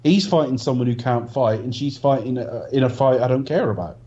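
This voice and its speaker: A man's voice: mid-range voice, fairly quick, warm tone. A man co-hosting a casual film review podcast, giving blunt, dismissive opinions with the odd swear. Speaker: podcast co-host. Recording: dull lo-fi podcast audio.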